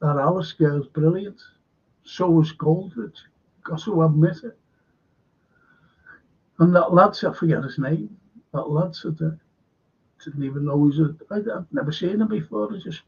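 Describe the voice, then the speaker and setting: A man's voice: fairly high pitch, a little slow, pauses often, slightly rough, lo-fi sound. A man hosting a live fan stream, chatting casually in a rambling way and reading viewer comments aloud. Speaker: fan channel host.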